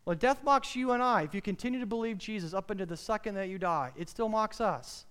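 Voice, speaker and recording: A man's voice: high voice, a little fast, a bit bright, clear, resonant tone. A male preacher delivering a sermon, emphatic and direct, addressing listeners with rhetorical questions.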